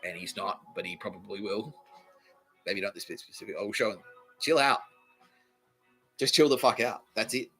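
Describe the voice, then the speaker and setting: A man's voice: on the low side, moderate pace, pauses often, bright, forceful tone, faint music behind, rough recording. An Australian man hosting a podcast, rambling through a live monologue, swearing constantly and chuckling between thoughts. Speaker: podcast host.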